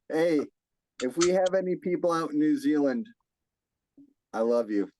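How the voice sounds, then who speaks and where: A man's voice: on the high side, warm tone, a little hiss or hum, low-quality recording. A young man hosting a casual podcast from home, upbeat and laughing often, sometimes stumbling over his words. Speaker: podcast host.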